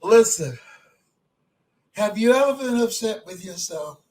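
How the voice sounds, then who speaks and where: A man in his seventies giving a motivational speech, emphatic, repeating phrases and swinging from soft talk to shouting. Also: sits high, lively intonation, unhurried, low-quality recording. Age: 70s. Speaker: motivational speaker.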